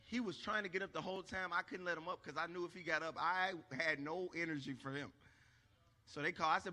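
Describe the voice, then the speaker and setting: Bright, high-voiced man doing stand-up. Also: fairly quick, long reverb tail. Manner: animated, acts out shouts, asks the crowd for agreement. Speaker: stand-up comedian. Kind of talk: stand-up storytelling. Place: church stage.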